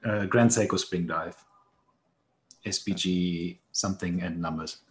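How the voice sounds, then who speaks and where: A man's voice: low-pitched, measured pace. A man introducing himself on a video chat in an offhand, fumbling way. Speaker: panel guest. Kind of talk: casual live stream chat. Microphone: video call.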